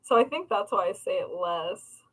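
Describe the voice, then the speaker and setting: A woman's voice: medium pitch, expressive, moderate pace, a bit bright, breathy edge, rough recording. A young woman hosting a crafting livestream from home, rambling in casual chat, swearing freely and laughing at herself.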